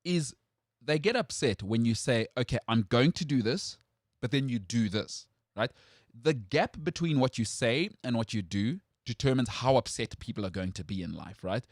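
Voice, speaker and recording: An opinionated man hosting a sports talk show, his pitch leaping high whenever he gets worked up. His voice swings widely through lively rants, and the recording is close and dry with no room sound. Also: normal speed, few pauses, dry recording. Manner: animated, jumps high in pitch when outraged. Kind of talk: opinionated casual sports chat.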